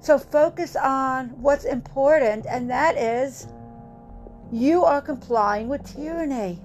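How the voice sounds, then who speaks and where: A woman's voice: high voice, slow, a little mellow, faint music behind. Emphatic woman giving a rousing monologue. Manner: emphatic, rousing, repeats lines for effect. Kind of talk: impassioned political monologue.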